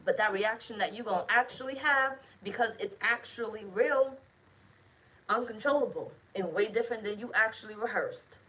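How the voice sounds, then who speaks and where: A woman's voice: on the high side, moderate pace, fairly bright tone, slight background noise, rough recording. A woman giving a casual tarot reading to camera, talking bluntly and emphatically, with plenty of swearing. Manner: blunt, profane, emphatic, chatty. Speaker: tarot reader.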